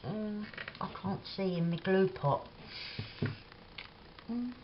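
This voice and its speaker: Slow, chatty Cockney woman crafting. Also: mid-range voice, lo-fi sound, a little hiss or hum. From England. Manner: rambling and chatty, lots of "like" fillers, laughs often. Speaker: craft vlogger. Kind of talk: chatty crafting vlog, reminiscing while working. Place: home kitchen craft table.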